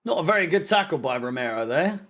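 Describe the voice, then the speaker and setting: High-voiced sweary football fan. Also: male voice, big pitch swings, quick pace, fairly bright tone. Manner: sweary, sarcastic, prone to frustrated outbursts. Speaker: fan channel host watching a match. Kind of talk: live match watch-along commentary.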